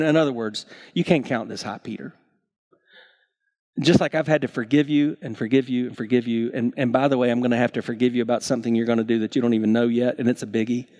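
A male pastor preaches a sermon, telling stories and playing out the characters with wide shifts in pitch and volume. His voice is slightly mellow, and he keeps stammering and restarting his words.

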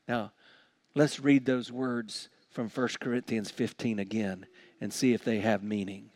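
A man preaching a sermon as pastor, swinging from quiet, slow lines to loud, shouted ones. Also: medium pitch, steady tone, dry recording.

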